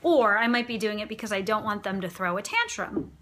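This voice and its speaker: A woman's voice: medium pitch, lively intonation, fairly quick, sharp tone, a little hiss or hum. A woman parenting coach giving a chatty live video talk to viewers. She speaks with frequent fillers and tag questions, and slips into parent voices when she quotes them.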